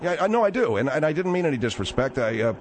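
A man's voice: a little high, sing-song, fast, slight background noise. A man hosting a comedy radio talk show, hesitant and soothing, often stammering over his words.

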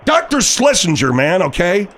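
A man's voice: high voice, big pitch swings, normal speed, a bit bright. A man hosting a comedic talk radio show, bantering with callers and guests in an exasperated tone.

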